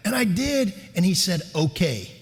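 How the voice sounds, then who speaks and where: A middle-aged man giving a keynote speech, telling a personal story in a relaxed, conversational way with fillers, in a reverberant lecture hall. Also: on the high side, fairly quick. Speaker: keynote speaker, lawyer.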